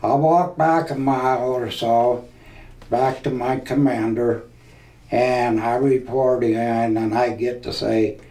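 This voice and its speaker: Recorded from a distance in a roomy space with faint hiss, this Nebraska man in his seventies recalls his days as a veteran for an oral history project. He talks in a slow, folksy storytelling manner, his mid-range voice steady and mellow.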